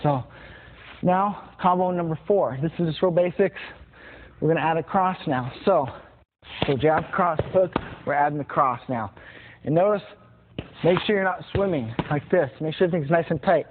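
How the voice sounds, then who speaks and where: A man teaches boxing combinations, calling out each punch and counting through the moves as he demonstrates them. His voice sits a bit high. The sound is thin and phone-like, with steady noise underneath. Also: normal speed. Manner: plain, repetitive instruction with punch sounds. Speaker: boxing instructor.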